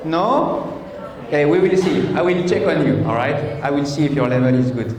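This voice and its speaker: A man's voice: medium pitch, animated, quick pace, darkish tone, some chatter behind. A man from France speaking English with a French accent, giving a classroom presentation and checking in patiently with his students. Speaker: teacher. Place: large echoey classroom. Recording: roomy hall echo, faint noise.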